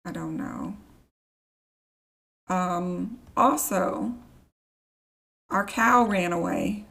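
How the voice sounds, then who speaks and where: Woman streamer, gravelly just-woke-up voice, slow rambling chat. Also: on the low side, fairly bright tone. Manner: chatty, rambling, easily annoyed. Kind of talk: casual live-stream gameplay chat.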